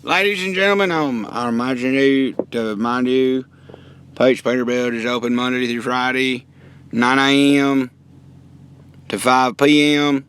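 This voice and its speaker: A man voicing a folksy, gruff and prudish redneck truck-shop owner, who gives blunt deadpan answers with lots of country slang in a lowered, drawling voice. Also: a little slow, a little hiss or hum, lightly acted. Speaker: online video creator answering viewer questions. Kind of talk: comedy character bit.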